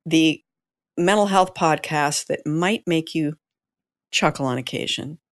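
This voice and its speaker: A woman's voice: deep voice, a little slow, no echo, studio quality. A woman co-hosting a podcast in casual chat, playful and teasing, laughing often. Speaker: podcast co-host.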